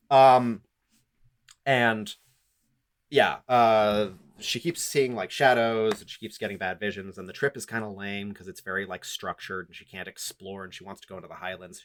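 A podcast co-host recaps a novel in a casual, profane chat, sounding sarcastic and rambling and using many fillers. His voice is fairly low in pitch, at a moderate pace.

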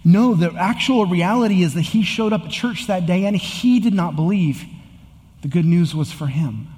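A man's voice: high-pitched, moderate pace, a little mellow, big-room sound. A man in his thirties preaching a sermon as a pastor, earnest and building to emphatic repetition. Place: church sanctuary with long reverb.

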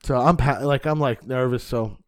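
A man who does stand-up is guesting on a podcast, spinning a loose, foul-mouthed yarn at a moderate pace. When voicing the dialogue, his pitch and loudness jump abruptly, and he wanders, frequently starting sentences over.

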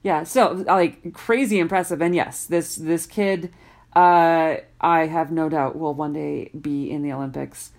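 A woman in casual podcast chat, telling a story with lively acted-out quotes. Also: deep voice, measured pace, vocal fry. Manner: animated storyteller, acts out quoted voices.

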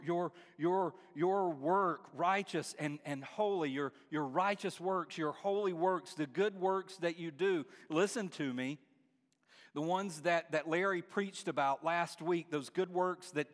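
A pastor preaches with earnest conviction, doubling back on his words and then climbing to emphatic, forceful peaks. His voice sits a touch high for a man. The sound carries a long reverb tail from a big church hall. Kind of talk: sermon.

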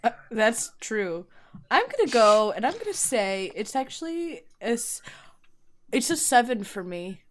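Woman in her 20s on a podcast, kinda high voice, lively, a bit phlegmy. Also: a little slow. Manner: teasing, laughs often. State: phlegmy throat. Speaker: podcast co-host. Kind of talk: casual podcast banter.

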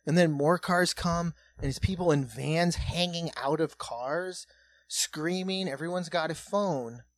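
A man in his thirties hosting a comedy podcast, telling a story casually with lots of swearing. He drops to a hush and then gets loud as it builds. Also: on the high side, a little slow, no room sound. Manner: profane, animated, swings between hushed and loud.

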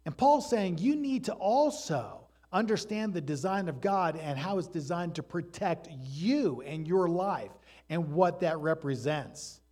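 A man delivering a sermon with real animation, his voice set a little high for a man. He tells stories with lots of energy and leans into them. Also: measured pace. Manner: animated storytelling preacher, acts out voices in stories. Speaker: pastor.

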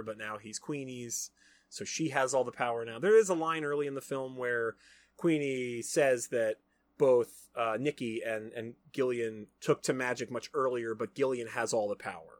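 A man hosting a casual podcast, recapping an old film in a mid-pitched voice and slipping into quick character voices as he acts out the lines. The sound is dry and close to the mic. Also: dry recording. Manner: animated retelling, acting out lines in quick voices. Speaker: podcast host. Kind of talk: casual movie recap chat.

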